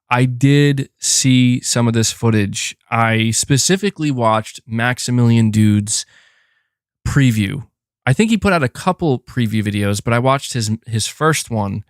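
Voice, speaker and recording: Guy hosting a gaming live stream, chatty, smooth clear voice, dry close sound. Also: medium pitch, dry recording. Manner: chatty and animated, thanks donors, frequent fillers and self-corrections. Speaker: gaming channel host. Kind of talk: casual live-stream chat reading super chats.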